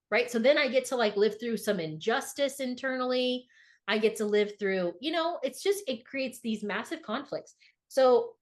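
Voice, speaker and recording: A middle-aged woman speaking earnestly and emphatically in a reflective podcast conversation, often repeating words for emphasis. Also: medium pitch. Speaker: podcast co-host.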